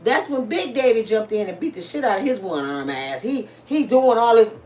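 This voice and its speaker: Woman, African American Vernacular English accent, high lively voice, dramatic storytelling, faint background hiss. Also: normal speed. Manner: dramatic, addresses listeners as y'all. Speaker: storyteller host. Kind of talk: animated personal storytelling.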